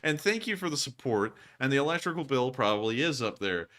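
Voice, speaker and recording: A man hosts a casual livestream, reading out donations and thanking donors in a rambling, chatty way with frequent laughter. His mid-range voice is animated and brisk, with a fairly bright tone.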